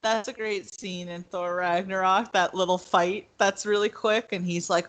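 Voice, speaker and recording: Brief: woman podcast co-host, slightly low voice, animated chat, laughs a lot. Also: a little slow, hardly any pauses. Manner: animated, laughs often, acts out quotes. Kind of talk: casual chat.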